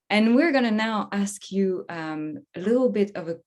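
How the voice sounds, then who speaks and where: A woman's voice: mid-range voice, lively intonation, darkish tone. A woman from France, hosting an online panel in a chatty way. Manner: chatty, quick, with many fillers. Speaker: host. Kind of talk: webinar hosting.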